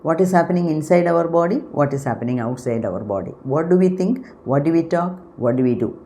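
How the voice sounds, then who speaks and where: A woman giving an unscripted spiritual talk as host of her channel, unhurried and explanatory, often pausing to search for words. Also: low-pitched, expressive, mellow, a little hiss or hum.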